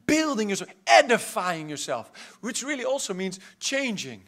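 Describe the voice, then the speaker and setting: High, bright-voiced fervent preacher. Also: male voice, big pitch swings, normal speed. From South Africa. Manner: fervent, swings between loud exhortation and quiet asides. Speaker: pastor. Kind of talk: charismatic sermon. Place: church hall.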